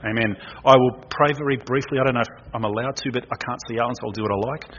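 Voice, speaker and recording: A middle-aged man preaching a lively, conversational sermon in a church, acting out people's inner voices. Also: mid-range voice, fast, breathy edge. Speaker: guest preacher. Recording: dull, slightly noisy recording.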